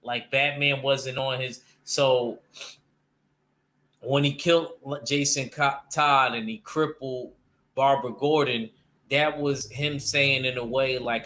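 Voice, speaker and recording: A man's voice: medium pitch, fairly even intonation, slow, pushed and bright. A man chatting casually and animatedly about comics, using loose slang and restarting his sentences often. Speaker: panel guest discussing comics. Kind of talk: casual chat.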